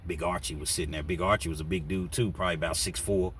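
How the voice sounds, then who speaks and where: A man's voice: deep voice, fast talker, slight background noise. A man telling a story in a casual, slangy way, acting out what people said. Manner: animated, slangy, acts out quotes.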